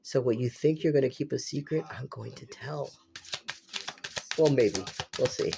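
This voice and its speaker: Over a noisy background, a male tarot reader with a medium-pitched, creaky voice gives a casual reading at a moderate pace. He's congested, which makes his voice unusual, and he repeats himself, exclaims and swears casually.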